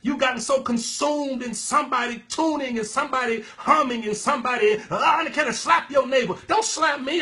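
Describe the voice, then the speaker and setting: A man with a high-pitched voice delivers a sermon-style teaching. He preaches with fervent emphasis, addressing his listeners as "baby." He breaks into loud exclamations and bursts of laughter.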